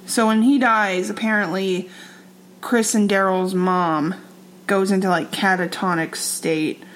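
Young female podcast co-host, halting and wry, casual chat, faint noise behind. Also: mid-range voice, steady tone, rough recording. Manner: hesitant, teasing, full of fillers.

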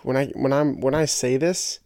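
A man's voice: medium pitch, fairly even intonation, normal speed, darkish tone, dry recording, studio quality. A young man hosting a podcast, rambling and joking in casual solo chat and tripping over his own words. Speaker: podcast host.

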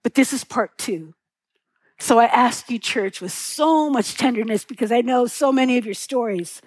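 A woman's voice: fairly high pitch, unhurried, dry recording, rough recording. A middle-aged woman pastor preaching a sermon, telling stories tenderly and asking the congregation rhetorical questions.

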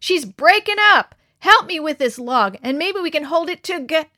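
A woman's voice: a little high, sing-song, normal speed, no echo, clean studio sound. A woman voicing a cocky boy who taunts his friend with sarcastic jeers. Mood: alarmed. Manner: sarcastic, mocking.

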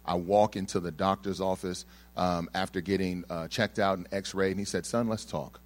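A man's voice: deep voice, moderate pace. A young man telling a personal story to an audience, acting out the people in it and joking with the crowd. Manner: animated storyteller who acts out the people in his story and jokes with the crowd.

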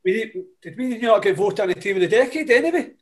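A man's voice: high-pitched, expressive. A man with a Scottish accent, an assistant football manager telling cheeky stories with swearing. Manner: rapid, swearing, cheeky anecdotes. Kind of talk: casual storytelling.

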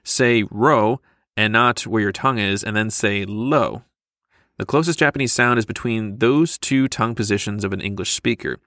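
A man co-hosting a casual educational podcast, explaining things in a playful, easygoing way with quick asides. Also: lowish voice, bright, forceful tone, no room sound, studio quality. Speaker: podcast co-host. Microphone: studio microphone.

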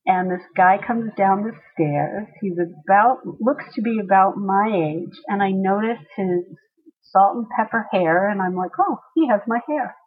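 A woman telling a personal story to a listener, animated and acting out the voices of the people she quotes. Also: medium pitch, a little slow, husky, narrow, tinny audio.

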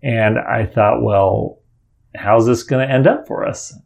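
A man's voice: medium pitch, a little slow, vocal fry, a little mellow. A middle-aged father telling a personal story in a casual, earnest way, rambling and often restarting his sentences.

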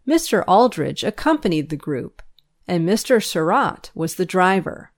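A woman reading a school paper aloud, its news and its stories, in a measured, expressive storytelling way. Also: on the low side. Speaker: reader.

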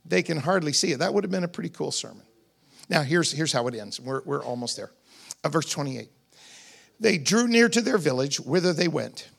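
A man's voice: a little high, lively intonation, brisk, gravelly. A man preaching a sermon, retelling scripture as a story in a conversational way with humorous asides. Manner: dramatic retelling of scripture scenes. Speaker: pastor.

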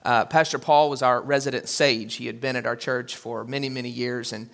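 A man preaching a sermon as pastor, animated and acting out quotes with sudden jumps in pitch. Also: fairly quick, vocal fry.

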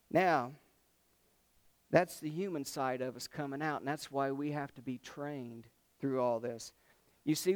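A male preacher, giving a conversational sermon and asking the congregation questions. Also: fairly high pitch.

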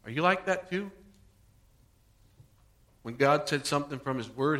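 A man preaching a sermon, acting out the people in the story with swings between soft and loud delivery. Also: a little high, animated, measured pace, pauses often. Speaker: pastor.

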